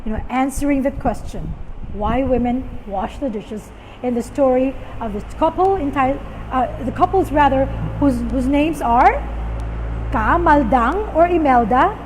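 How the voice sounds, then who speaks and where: A woman's voice: high voice, animated, measured pace, a little mellow. A woman teaching vocabulary, patiently repeating each word so listeners can say it with her. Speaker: storytelling teacher. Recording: long reverb with faint vehicle noise.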